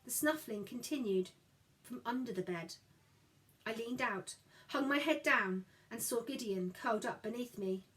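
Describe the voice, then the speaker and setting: A woman narrating a story in the first person, expressive and voicing each character. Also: on the high side, normal speed, poor audio. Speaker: audiobook narrator.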